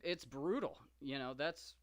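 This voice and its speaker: A man's voice: fairly high pitch, measured pace. A man hosting a live stream, talking casually and enthusiastically about an ancient epic, rambling with many fillers and asides. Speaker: podcast host reading and discussing the Iliad.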